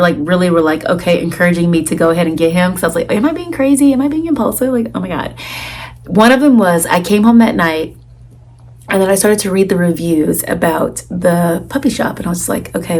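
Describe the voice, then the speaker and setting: A young woman vlogging, telling a personal story in a chatty, animated way, full of "like" and acted-out quotes. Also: lowish voice, a little fast, a little hiss or hum. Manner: chatty, animated retelling with lots of "like" and quoted dialogue. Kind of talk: casual storytelling to camera.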